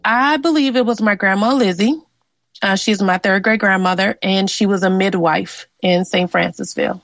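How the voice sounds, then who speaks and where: A woman with a mid-range voice tells of her family's history in an interview, speaking at a moderate pace in an earnest, reflective way, with plenty of "um" and "like." There is no echo, and soft music plays in the background.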